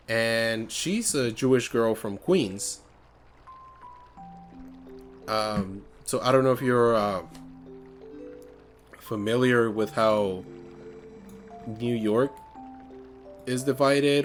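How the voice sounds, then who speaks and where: A man co-hosting a podcast, chatting casually and rambling with lots of fillers. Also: medium pitch. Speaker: podcast co-host. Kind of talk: casual chat.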